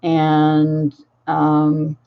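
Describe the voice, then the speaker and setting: A woman's voice: sits low, completely flat delivery, drawn-out words, vocal fry, clear, resonant tone, muffled recording. An older woman, a grandmother and crafting channel host, telling a family story in a casual, rambling way full of fillers and restarts.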